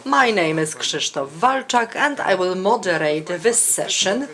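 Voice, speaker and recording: A woman interpreting academic conference talks in real time, measured and pausing often with hesitations. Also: mid-range voice, lively intonation, fairly bright tone.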